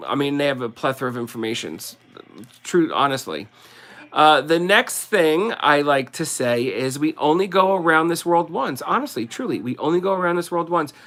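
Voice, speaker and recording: A man's voice: fairly high pitch, animated, normal speed, fairly bright tone. A man with a New Jersey accent hosting a casual livestream, rambling and chatty and laughing often as he sells collectibles. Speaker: livestream host selling collectibles.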